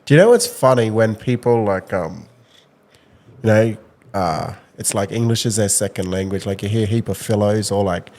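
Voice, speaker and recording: A man's voice: lowish voice, normal speed, darkish tone. An Australian man co-hosting a casual podcast, laid-back and swearing casually. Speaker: podcast co-host. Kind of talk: casual chat.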